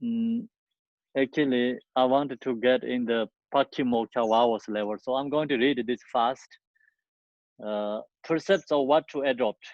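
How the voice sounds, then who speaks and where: A man teaches the dharma in a slow, unhurried way, pausing often and filling the gaps as he gropes for words in halting, non-native English. His mid-pitched voice comes through a dull, muffled recording. The room sounds dry and close. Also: fairly even intonation, dry recording. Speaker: Buddhist teacher.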